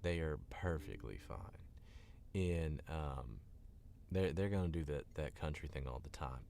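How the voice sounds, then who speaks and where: A man's voice: very deep voice, expressive, unhurried, gravelly, a little mellow, a little hiss or hum. A tired, sick man chatting casually on a stream, rambling in a laid-back way with the odd swear, close to his mic. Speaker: voice actor streaming.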